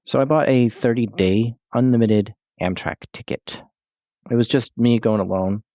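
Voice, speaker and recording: A man from the United States telling a personal story in a casual, slightly halting way. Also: mid-range voice, warm tone, dry recording, clean studio sound. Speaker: podcast storyteller. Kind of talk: personal story told into a mic.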